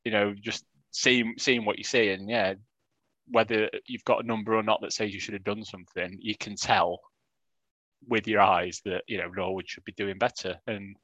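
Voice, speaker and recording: A man's voice: lowish voice, fairly even intonation, moderate pace, fairly bright tone, no room sound, rough recording. Wry, rambling podcast man. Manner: rambling, wry, self-mocking. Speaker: podcast co-host. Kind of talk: casual chat.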